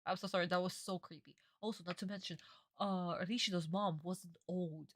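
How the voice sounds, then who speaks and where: A young woman streamer reacting casually, blunt and swearing, easily excited. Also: on the low side, brisk, slight background noise.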